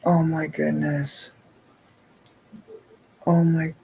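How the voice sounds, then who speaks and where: A man chatting through an unboxing, gushing with breathy exclamations and whispered asides. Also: on the high side, very animated, slow pace, a little mellow, slight background noise, low-quality recording. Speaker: vlogger unboxing subscription boxes. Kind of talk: casual unboxing chat.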